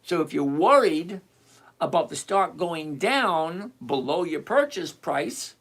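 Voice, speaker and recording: A livestream host teaching options trading, reading out and answering chat questions in an animated, chatty, direct and repetitive way. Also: medium pitch, slow.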